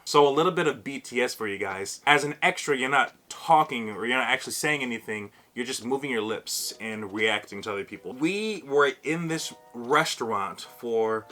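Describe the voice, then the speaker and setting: A man vlogging to camera, telling a funny personal story in a casual, animated way and acting out what others said. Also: mid-range voice, normal speed, hardly any pauses. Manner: animated, acts out other people's lines.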